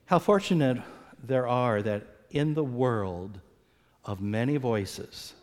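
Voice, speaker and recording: A man preaching an earnest sermon, often repeating words as he goes and acting out quoted voices with big swings in pitch. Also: animated, slow pace, a little mellow. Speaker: pastor. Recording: long hall reverb.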